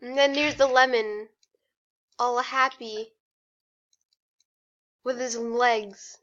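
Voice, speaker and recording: A woman's voice: a little high, fairly even intonation, a bit bright. A woman telling a silly improvised story to friends in a casual, giggly way, over a dull lo-fi voice chat. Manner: giggly, drawn-out narration. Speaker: storyteller in a group drawing game.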